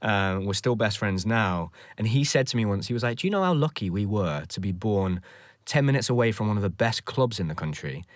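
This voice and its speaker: A man hosting a podcast, reflecting on his own coaching and asking a guest questions in a relaxed way. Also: on the low side, fairly quick, no room sound, clean studio sound. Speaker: podcast host. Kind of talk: casual interview chat.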